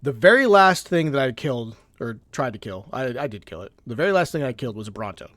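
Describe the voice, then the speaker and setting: A man co-hosting a casual gaming podcast, telling stories in an animated way with frequent restarts. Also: mid-range voice, quick pace, no room sound. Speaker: co-host.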